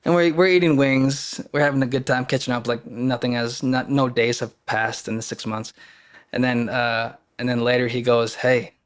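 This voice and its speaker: A man's voice: mid-range voice, fairly even intonation, clear, resonant tone. Earnest man telling a personal story. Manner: halting, many fillers and restarts, earnest. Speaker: podcast guest.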